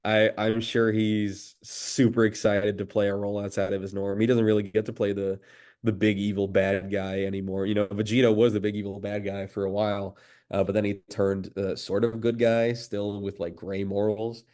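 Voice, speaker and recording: A man with a somewhat deep voice talks easily in an interview. He sounds eager and admiring, a voice actor from the United States sharing his enthusiasm. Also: little pitch movement, normal speed, darkish tone. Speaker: voice actor guest. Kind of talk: casual interview chat.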